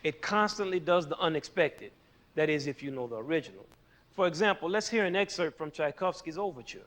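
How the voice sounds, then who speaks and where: High-voiced playful male music teacher. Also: animated, a little fast, a bit bright. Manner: jokey, teasing, counts beats aloud. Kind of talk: playful explanatory lesson.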